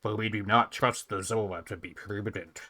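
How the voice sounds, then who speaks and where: Imperious alien hive ruler as a man puts her on, slow solemn delivery, lowish voice, faint music. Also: fairly even intonation, bright, forceful tone. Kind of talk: reading game dialogue aloud in a voice.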